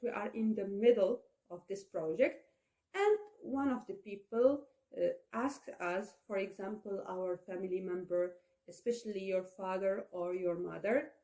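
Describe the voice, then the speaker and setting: A young woman teaching an English lesson, explaining slowly and patiently and often checking in with "okay?". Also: mid-range voice, a little mellow. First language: Arabic.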